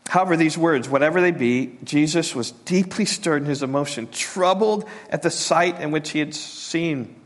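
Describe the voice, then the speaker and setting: A man preaching a sermon as a pastor, halting and repeating words, sinking to a soft hush on tender points. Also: on the high side.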